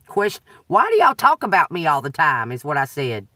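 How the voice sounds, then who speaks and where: A woman's voice: low voice, wildly swooping pitch, brisk, hardly any pauses, bright, forceful tone, no room sound. A woman ranting in a profane, agitated way, recorded a little away from the mic in a dry car. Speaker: tarot reader. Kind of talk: unscripted venting vlog.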